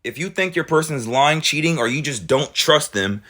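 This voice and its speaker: A man giving reaction commentary to viewers, animated and full of rhetorical questions. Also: medium pitch, a little fast, hardly any pauses. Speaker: commentary creator reacting to clips.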